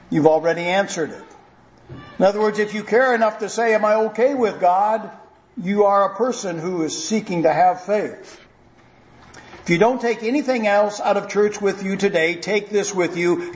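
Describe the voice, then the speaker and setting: A male pastor preaching a sermon in an earnest, reassuring way, slowing down to repeat key points with emphasis. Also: sits high, lo-fi sound.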